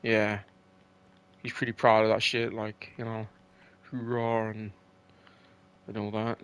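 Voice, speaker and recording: A man's voice: fairly low pitch, completely flat delivery, slow, a bit bright, clear, resonant tone. A young man hosting a casual chat, rambling and swearing, with lots of fillers and restarts.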